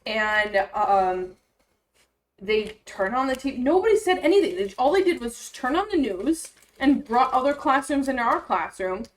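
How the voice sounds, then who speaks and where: A woman's voice: on the high side, sing-song, moderate pace, slight background noise. A woman in her thirties co-hosting a podcast, telling a story in an easygoing, casual way. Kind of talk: casual chat.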